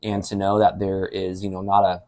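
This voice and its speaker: A man speaking casually and in a measured way in a podcast conversation, mostly giving short agreeing replies. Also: sits low, completely flat delivery, dark tone, no echo.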